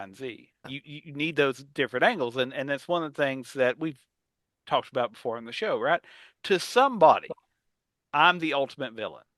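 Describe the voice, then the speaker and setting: A man's voice: medium pitch, fairly bright tone, no room sound. A man co-hosting a podcast, talking in a nerdy, self-mocking way and stammering when he restarts. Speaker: podcast co-host. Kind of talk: casual chat.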